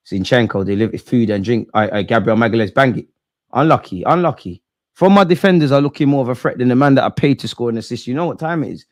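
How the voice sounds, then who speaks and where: A young man leads a live football watch-along, talking fast in an excitable, slang-filled way. He veers from loud bursts to muttering quietly.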